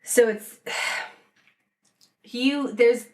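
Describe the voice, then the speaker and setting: Woman, podcast co-host, fairly high voice, rambling casual chat, lots of "like". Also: fairly even intonation, very slow, reverberant. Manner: rambling, full of "like".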